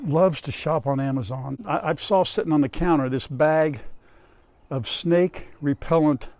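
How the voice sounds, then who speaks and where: A man's voice: fairly high pitch, measured pace, darkish tone, dry recording, low-quality recording. An older man chatting casually outdoors on his farm, talking to his dogs and to the camera as he goes. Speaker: farm vlogger.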